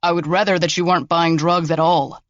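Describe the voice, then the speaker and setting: A man's voice: fairly high pitch, flat delivery, a little fast, no room sound, dull audio, natural voice. A man voicing a wry, exasperated federal agent in an audiobook, speaking in a dry way.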